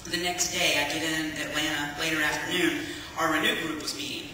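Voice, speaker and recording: A woman tells a personal testimony in a very bright, ringing voice, acting out each exchange like a lively storyteller. She sounds far from the mic in a big echoey hall with long reverb, and faint ambience underneath. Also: sits low, fairly quick, slight background noise. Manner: lively storyteller who acts out dialogue and laughs often. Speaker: speaker giving a testimony. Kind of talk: personal testimony to a church audience.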